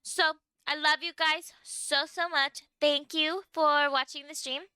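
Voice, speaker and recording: A woman's voice: high voice, fairly even intonation, measured pace, bright, forceful tone, no room sound. A young woman streamer chatting casually with viewers while she eats, filling her talk with "like". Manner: chatty, lots of "like", talking while eating. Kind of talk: casual livestream chat.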